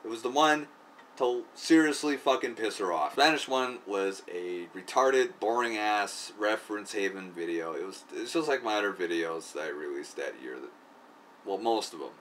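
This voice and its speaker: A man's voice: on the low side, lively intonation, normal speed, fairly bright tone. A man telling a long personal story in casual, profane, rambling speech full of fillers. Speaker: video creator. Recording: distant mic, faint background noise.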